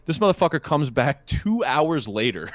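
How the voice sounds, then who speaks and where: Animated, profane young man telling a story. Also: fairly high pitch, normal speed, no echo. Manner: animated, profane, acts out quotes. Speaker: podcast co-host. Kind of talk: casual storytelling.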